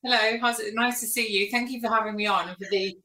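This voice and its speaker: Brief: female guest from Nottinghamshire, bright tone, teasing chat, echoey video-call sound. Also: on the high side, fairly even intonation, fast. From England, Nottinghamshire. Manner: chatty and teasing. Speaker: guest author. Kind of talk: casual interview chat. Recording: echoey room.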